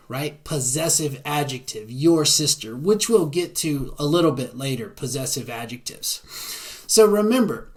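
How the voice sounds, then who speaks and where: A man's voice: a little high, expressive, normal speed. Man teaching with a Southern American accent. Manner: frequent tag "right?". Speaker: Spanish teacher. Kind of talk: classroom lecture.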